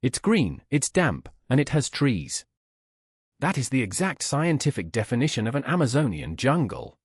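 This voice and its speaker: Insistent huffy lady tourist, put on by a male narrator, lively pitch, husky, dry. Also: normal speed, no echo. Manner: huffing, insistent. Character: furious, insistent female tourist.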